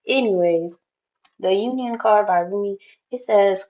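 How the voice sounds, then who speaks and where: A woman's voice: mid-range voice, unhurried, darkish tone, dull audio. A woman giving an intuitive tarot reading, talking in an emphatic, spiritual way and often repeating phrases. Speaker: tarot reader.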